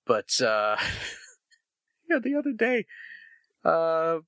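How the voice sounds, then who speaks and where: A man in his thirties chatting casually as a podcast co-host, laughing easily as he jokes. His voice is bright and forward, swinging widely in pitch. The sound is dry and close to the mic. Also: drawn-out words, dry recording. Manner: laughs often, animated and jokey. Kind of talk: casual chat.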